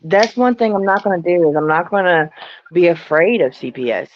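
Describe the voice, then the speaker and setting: A woman's voice: lowish voice, expressive, fairly quick, highs cut off. A woman speaking as a guest on a casual live stream, blunt and defiant.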